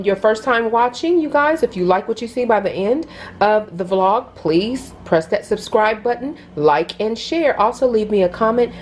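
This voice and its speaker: A woman's voice: mid-range voice, a little mellow, slight background noise, poor audio. A middle-aged woman hosting a casual cooking vlog, chatting straight to her viewers from her home kitchen stove. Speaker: cooking channel host. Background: faint sizzling and frying.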